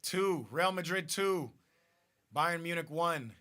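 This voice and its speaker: Man, live-stream host, fast restarts, bright forceful tone. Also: on the high side. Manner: excitable, repeats and restarts, talks to viewers directly. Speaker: host of a football watch party stream. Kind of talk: casual live-stream chat.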